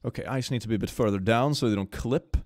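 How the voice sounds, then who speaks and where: A man commenting casually while playing a game, often laughing and breaking into high-pitched squeals. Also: fast talker, a little mellow, no room sound, clean studio sound. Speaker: gaming streamer. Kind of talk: casual let's-play commentary.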